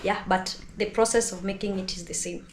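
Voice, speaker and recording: A woman's voice: mid-range voice, fairly even intonation, fairly quick. Chatty Kenyan woman cooking outdoors. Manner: chatty, addresses viewers directly. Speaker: vlogger. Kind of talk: casual cooking vlog. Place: village home outdoors. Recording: echoey with loud background noise.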